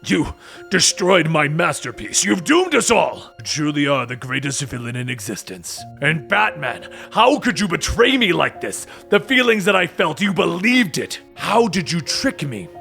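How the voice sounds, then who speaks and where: A man's voice: very animated, normal speed, vocal fry, bright, forceful tone, faint music behind, heavily acted. A man voicing an imperious, godlike male creator of worlds in a comic story recap. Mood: defeated. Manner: imperious, booming.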